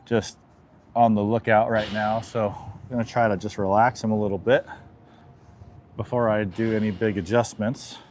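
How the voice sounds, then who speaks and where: An equine chiropractor calmly talks through a hands-on demonstration with a horse, softly soothing the animal as he goes. His voice is fairly low and moderately paced, with a little hiss or hum.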